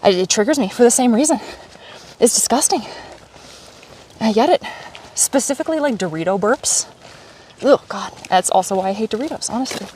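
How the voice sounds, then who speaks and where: A woman livestreaming as she walks a lakeside trail outdoors, chatting to her viewers in a lively, animated way. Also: on the high side, brisk, pauses often, distant mic, a little hiss or hum. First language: Polish. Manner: chatty, animated, talking to chat while hiking. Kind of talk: casual live stream chat.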